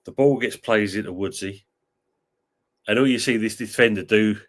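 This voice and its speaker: Middle aged bloke, lowish voice, swears a lot, chatty football stories on a stream. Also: male voice, normal speed. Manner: swears freely, tells football stories animatedly. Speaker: podcast co-host. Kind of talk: casual chat.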